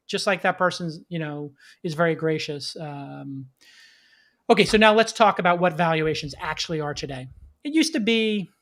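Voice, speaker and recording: A middle-aged man hosting a live podcast, giving energetic advice to startup founders with quick acted-out asides. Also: sits high. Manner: energetic, plays an auctioneer in quick bursts. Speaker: podcast host.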